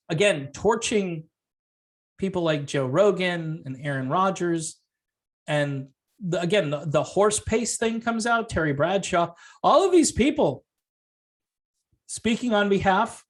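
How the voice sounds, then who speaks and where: A man delivering a sarcastic opinion rant as a music commentary vlogger, full of rhetorical questions. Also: high-pitched.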